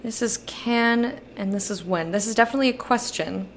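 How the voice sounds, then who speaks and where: Speaking at normal speed in a slightly high voice, a young woman streams a let's-play, casually commenting and reading the game's dialogue between her own remarks. Slight background noise can be heard.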